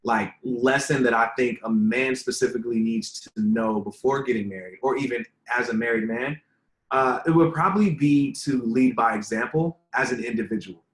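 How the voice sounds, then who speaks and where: A man's voice: medium pitch, moderate pace. A man being interviewed as a guest, answering in an earnest, rambling way with many fillers. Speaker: relationship content creator, guest. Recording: roomy echo.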